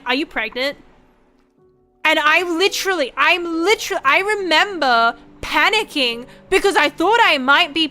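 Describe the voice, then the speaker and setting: Young woman, high voice, bright, rambling profane chat, faint music behind. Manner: rambling, profane, frank, animated. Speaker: VTuber streamer. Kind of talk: casual chat stream.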